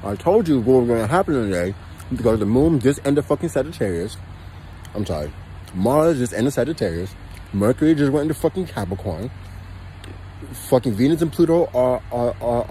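A man's voice: medium pitch, lively intonation, fairly quick, warm tone, slight background noise, low-quality recording. A man ranting as a vlogger, swearing constantly, repeating himself and laughing between lines. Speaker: astrology and crypto vlogger. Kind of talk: excited profane rant.

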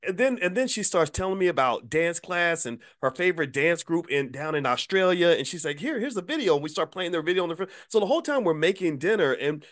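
A middle-aged man hosting his channel, telling a personal story in a casual monologue with animated delivery and frequent stammered restarts. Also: fairly high pitch, fast, hardly any pauses. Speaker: channel host. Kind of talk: casual spoken monologue with anecdote.

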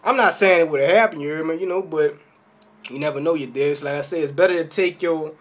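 A man's voice: fairly high pitch, fast talker. Fired-up New man ranting. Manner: animated, keeps asking "you hear me?". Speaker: sports fan vlogger. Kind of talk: casual fan rant to camera.

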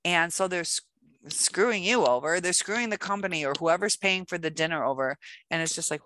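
A woman talks casually to camera in a self-help video, her voice low-pitched yet bright and forceful. She rambles loosely with plenty of fillers and slips into little acted-out exchanges. The sound is dry and close, with no room around it. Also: moderate pace, no room sound. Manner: loose and chatty, many fillers, acts out little quoted exchanges.

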